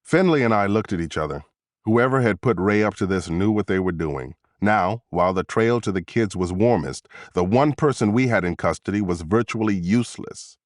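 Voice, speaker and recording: Low-voiced male thriller narrator. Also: normal speed, dry recording, clean studio sound. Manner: steady, tense storytelling. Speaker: audiobook narrator. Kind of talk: scripted first-person narration.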